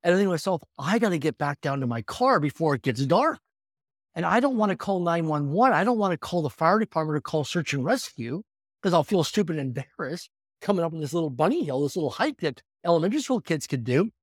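A man in his fifties, a podcast guest telling his story with energetic, animated delivery. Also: fairly high pitch, quick pace, no echo, studio quality. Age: 50s. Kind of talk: storytelling in conversation.

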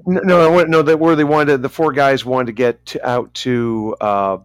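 A man's voice: medium pitch, fairly even intonation, normal speed, clear, resonant tone, no room sound. A man co-hosting a casual podcast chat, rambling, stumbling over names and making self-mocking asides. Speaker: podcast co-host.

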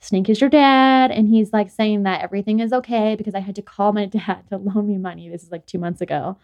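Fast-talking and flat in delivery, this young adult woman has a medium-pitched, dark-toned voice. As a podcast host, she tells rambling, casual stories heavy with "like" and restarts.

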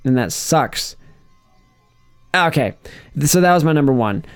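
A man's voice: a little high, lively intonation, measured pace, smooth, soft background music. A man hosting a casual chat, rambling and restarting his sentences, laughing often. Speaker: podcast host. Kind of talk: casual chat, ranking movie villains.

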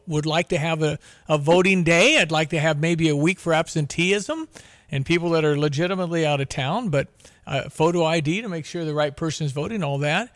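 A man's voice: a little high, no echo, clean studio sound. A man, hosting a talk radio show in easygoing conversation.

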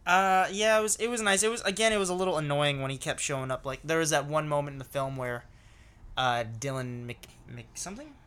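Male co-host, bright tense voice, quick jokes and film recaps. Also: on the high side, clean tone. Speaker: podcast co-host. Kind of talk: casual movie podcast chat.

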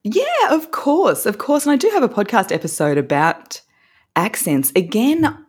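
An Australian woman, a voice coach, explaining techniques as a podcast guest in an animated way, laughing often. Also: medium pitch, normal speed, slightly rough.

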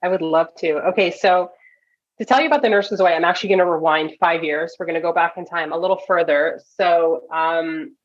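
A woman from Toronto, a nurse coach, telling a story as a podcast guest, animated and full of quick asides. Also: lowish voice. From Toronto, Canada. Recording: dull lo-fi audio.

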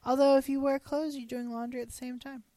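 A woman's voice: high-pitched, little pitch movement, fast talker, dark tone. A woman co-hosting a podcast, chatting casually and reacting to her partner's recap. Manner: reacts with short comments and laughs. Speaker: podcast co-host. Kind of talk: casual chat.

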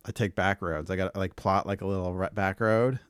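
A man with a fairly low voice, recorded close and dry with no room sound. He talks in a loose, rambling way, tells casual stories, swears freely and breaks into laughter as he co-hosts a podcast chat. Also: fairly even intonation, brisk, clear, resonant tone, no room sound. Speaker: podcast co-host.

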